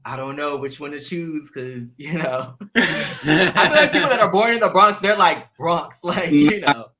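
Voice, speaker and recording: A man co-hosting a casual video-call interview, playful and giggly as he runs a quick game. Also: a little high, a crowd in the background. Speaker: podcast co-host.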